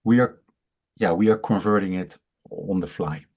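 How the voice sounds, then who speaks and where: Dutch-accented founder, male, lowish voice, stutters through an explanation, lots of fillers and restarts. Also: darkish tone, breathy edge. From Netherlands. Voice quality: stutters, with many fillers and repeated words. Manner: explanatory, halting. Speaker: startup founder. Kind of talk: interview on a video call.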